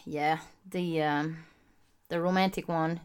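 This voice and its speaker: A woman's voice: deep voice, takes it slowly, clean tone. Chatty woman hosting a podcast. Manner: chatty, animated, gives shout-outs to live viewers. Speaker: podcast host. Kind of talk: casual podcast talk. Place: home recording setup, also streaming live.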